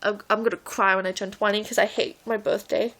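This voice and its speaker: A woman's voice: medium pitch, little pitch movement, a little fast, a bit bright. A woman in her late teens telling stories in a rambling, giggly vlog, laughing often as she talks. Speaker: vlogger. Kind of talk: casual storytelling vlog.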